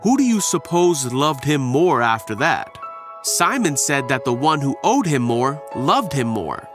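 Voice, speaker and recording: A man reading a Bible story for children in a gentle, steady storytelling voice. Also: mid-range voice, unhurried, over music. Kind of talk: scripted Bible story narration for kids.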